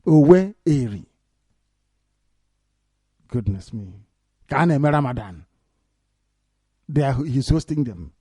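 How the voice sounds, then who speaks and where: A man's voice: mid-range voice, lively intonation, measured pace, pauses often, a little mellow, slightly rough, no echo. A man with a Nigerian Igbo accent giving mocking news commentary on the radio, laughing often and swinging into indignant outbursts. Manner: sarcastic, laughs often, mixes Igbo into English. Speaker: radio broadcaster.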